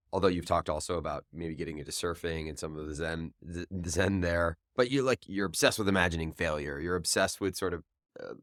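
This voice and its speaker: A man's voice: sits low, fairly bright tone, no echo, studio quality. A man hosting a podcast, asking thoughtful, probing questions. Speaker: podcast host. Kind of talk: interview questions.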